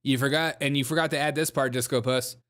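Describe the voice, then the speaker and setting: A show host mocks political clips with sarcastic, laughing commentary, jumping between voices. He talks fast with a medium-pitched voice and fairly even intonation, over very noisy audio.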